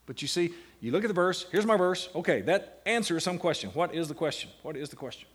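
Animated man lecturing a class. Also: on the high side, fairly quick, slightly rough. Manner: animated, asks the class questions and answers them. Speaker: seminary lecturer. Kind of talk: classroom lecture on Bible meditation.

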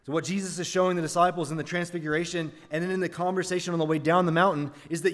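A man's voice: a little high, flat delivery, very fast, few pauses, a bit bright, in a large hall. A man preaching a sermon, earnest, asking the congregation rhetorical questions. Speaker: pastor.

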